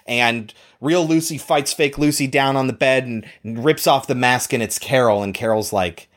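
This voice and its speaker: Guy recapping a movie plot on a podcast, lively and sweary, middle pitch. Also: normal speed. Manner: animated storytelling, swears, acts out lines. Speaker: podcast co-host. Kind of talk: casual film recap.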